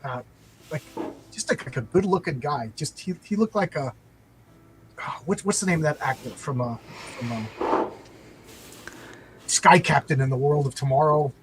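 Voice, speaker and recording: A middle-aged man from New York telling a story in loose conversation. He rambles, stacks up "like" and restarts, and his voice sits a touch high for a man, with faint ambience behind him. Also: moderate pace, pauses often, slight background noise, poor audio.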